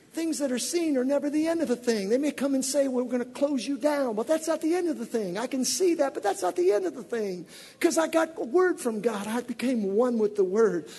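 A middle-aged man preaching a sermon, swinging between loud shouted exhortation and low, conversational storytelling. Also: breathy edge. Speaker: pastor. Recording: long hall reverb.

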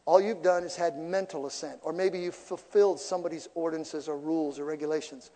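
High-voiced preacher in a reverberant hall. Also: male voice, fairly quick. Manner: animated preaching with jokes and asides. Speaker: pastor. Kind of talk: sermon. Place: church.

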